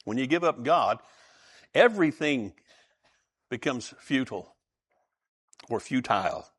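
A man's voice: medium pitch, lively intonation, measured pace, a bit bright, slightly rough. A man preaching a sermon in a conversational way, asking his listeners questions and telling jokes. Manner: conversational, asks the audience questions, tells jokes.

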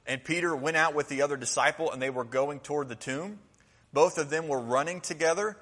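Bright-voiced man preaching in a hall. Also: medium pitch. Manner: conversational, acts out quotes. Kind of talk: sermon.

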